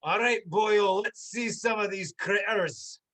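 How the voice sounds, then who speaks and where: A man's voice: high voice, slow pace, a bit bright. A man playing an eager traveler with a put-on Scottish accent in improv comedy. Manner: eager, gushing.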